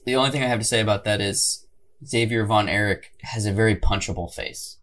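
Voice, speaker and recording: A man co-hosting a podcast who chats casually in a blunt, animated and profane way. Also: fairly low pitch, a little fast. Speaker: podcast co-host. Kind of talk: casual chat.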